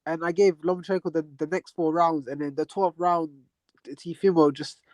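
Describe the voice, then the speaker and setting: A man's voice: a little high, fairly even intonation, moderate pace, dry recording. A man on a panel breaking down a boxing fight round by round, earnest, repeating words and restarting often. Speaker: panel guest.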